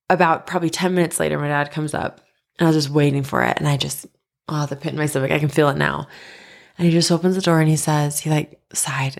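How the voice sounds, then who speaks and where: A young woman hosting a podcast, telling a personal story in an animated way and acting out the lines of the people in it. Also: low voice, gravelly. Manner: animated, quoting others in dialogue, breaks into laughs. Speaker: podcast host.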